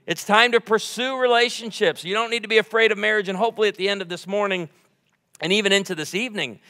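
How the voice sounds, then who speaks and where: High bright-voiced joking preacher man. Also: fast talker, big-room sound. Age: 40s. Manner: joking, playful crowd banter. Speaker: guest preacher. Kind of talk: humorous sermon. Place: church sanctuary before a congregation.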